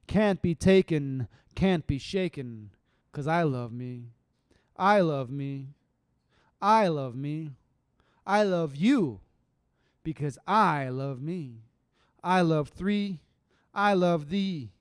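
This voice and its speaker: A man performing his own poetry on a live stream, chanting lines slowly and swinging from loud declaiming to quiet, rambling asides. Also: fairly high pitch, animated, clear, resonant tone, no room sound, clean studio sound. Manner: rambling and laid-back between poems.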